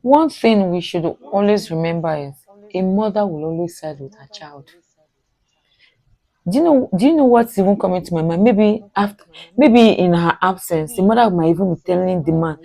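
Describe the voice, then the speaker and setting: Gravelly low-voiced woman reacting. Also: moderate pace, warm tone, low-quality recording. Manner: exclaiming, emphatic interjections. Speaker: reaction video host. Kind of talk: casual reaction commentary.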